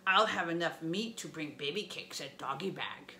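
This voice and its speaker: A woman voicing a gloating, hungry male giant who speaks in a slow, menacing drawl. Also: low-pitched, bright, forceful tone.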